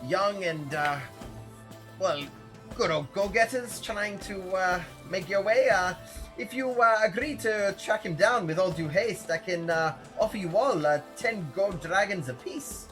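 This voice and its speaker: Casting: man doing a pompous theatrical wizard storyteller, loud and grand, in a tabletop game. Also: high voice, measured pace, soft background music, pitched above the performer's own voice. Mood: grandiose. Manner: theatrical, fumbling with many fillers. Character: flamboyant male wizard chronicler, showy and eager.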